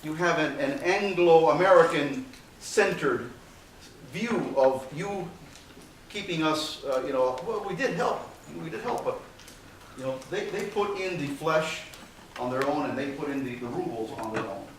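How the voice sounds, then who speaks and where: A man's voice: a little high, lively intonation, unhurried. A man giving a university history lecture in a conversational way, with frequent "okay" fillers and dry sarcastic asides. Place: lecture hall. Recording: very echoey hall, far from mic, faint hiss.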